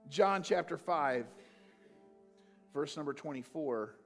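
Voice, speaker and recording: A man preaching a sermon, animated, swinging from loud calls to quiet, earnest talk. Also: fairly high pitch, slow pace, creaky, faint music behind. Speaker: pastor.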